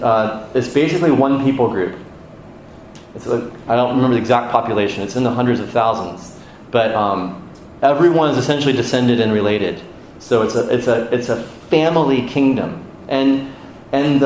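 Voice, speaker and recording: A man's voice: mid-range voice, moderate pace, a little mellow. An American man preaching a sermon in a conversational teaching manner, asking the congregation questions. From United States. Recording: very echoey room, faint noise.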